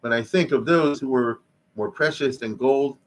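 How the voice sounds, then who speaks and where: A man's voice: medium pitch, moderate pace. Man, rabbi, informal history lecture in a synagogue hall, conversational, Hebrew and Yiddish terms.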